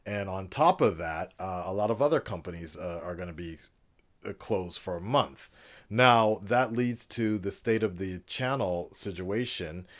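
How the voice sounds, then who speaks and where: Low-voiced guy vlogging, casual and frank, lots of ums and uhs. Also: measured pace. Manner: frank, rambling, with frequent fillers. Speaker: vlogger and teacher. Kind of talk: casual vlog talk.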